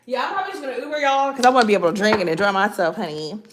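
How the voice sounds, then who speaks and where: A woman's voice: medium pitch, very fast. A chatty, playful woman gives a casual tarot reading straight to her viewers. Her voice bounces around a roomy space. A faint hiss sits under it. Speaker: tarot reader. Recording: echoey room with faint background noise.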